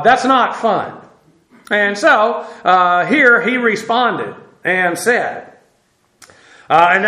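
Bright-voiced man teaching Bible, roomy echo. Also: high voice. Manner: informal, many fillers, spells out Hebrew words. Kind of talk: verse-by-verse Bible lesson.

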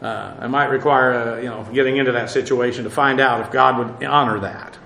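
A man's voice: medium pitch, steady tone, a little fast, gravelly, sharp tone, reverberant, slight background noise, low-quality recording. A man teaching an informal Bible class in a conversational way, with many fillers and dry asides.

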